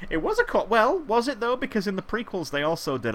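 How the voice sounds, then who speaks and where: Male co-host, bright lively voice, animated casual film chat. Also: high voice, fast talker, a little hiss or hum. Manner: animated, retells scenes with laughing bursts. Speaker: podcast co-host.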